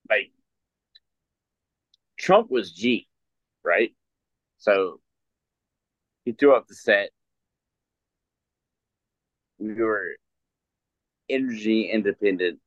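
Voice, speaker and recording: A man's voice: lowish voice, dry recording. A man who works offshore, a podcast guest in casual chat, talking hesitantly with many fillers. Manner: slow, hesitant, filler-heavy. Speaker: guest, offshore oil worker. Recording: dull, dry lo-fi audio.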